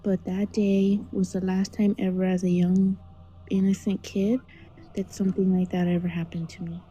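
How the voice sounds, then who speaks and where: Dark-voiced woman telling a spooky tale. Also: medium pitch, little pitch movement, normal speed, slightly rough, lo-fi sound. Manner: hushed, dramatic telling, drops into whispers. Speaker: caller. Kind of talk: storytelling of a scary memory. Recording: call-in audio.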